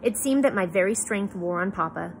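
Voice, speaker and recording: A woman reading a novel aloud in an expressive way, with small slips and asides. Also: medium pitch, fairly quick, slight background noise. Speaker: reader.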